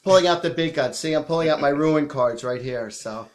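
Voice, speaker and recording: A man hosting a live psychic show, chatty and animated as he tells stories and acts out quotes, a bit sniffly from allergies. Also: fairly high pitch, fairly quick. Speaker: psychic medium host. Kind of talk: casual live-stream storytelling.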